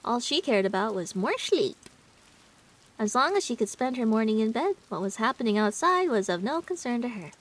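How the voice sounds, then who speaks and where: A young woman streamer reading a story game aloud, often breaking off into excitable squeaky outbursts. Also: normal speed, poor audio.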